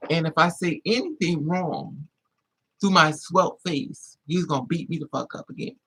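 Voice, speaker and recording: A man vlogging, telling a personal story in an animated, emphatic way with plenty of swearing. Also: fairly high pitch, moderate pace, slightly rough, poor audio.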